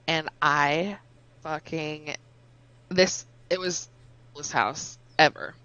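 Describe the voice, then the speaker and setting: A woman telling animated stories in casual chat with friends, swearing and laughing as she goes. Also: low voice, no echo, highs cut off. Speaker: storyteller among friends.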